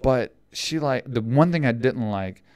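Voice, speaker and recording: A man co-hosting a sports podcast, talking in an animated, casual way, swearing and calling his friend dude. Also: mid-range voice, unhurried. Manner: animated, swearing, repeats phrases, calls people dude. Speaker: podcast co-host.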